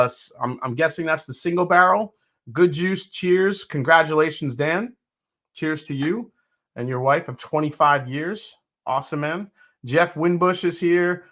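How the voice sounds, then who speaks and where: Man, host, live stream chat, greets viewers by name, bright tone, casual. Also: medium pitch. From New York.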